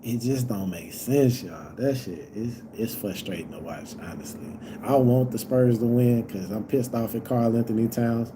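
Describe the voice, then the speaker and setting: A young man reacting live to a basketball game, yelling at the players and swearing, moving from low grumbling to loud outbursts. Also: normal speed, few pauses, background noise. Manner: yells at the players, profane and exasperated; swings from low muttering to loud shouts.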